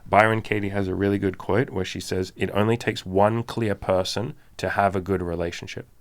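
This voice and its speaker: Low, gravelly-voiced man chatting candidly. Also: steady tone, brisk. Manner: candid, emphatic, swears casually. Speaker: podcast co-host. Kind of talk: casual chat.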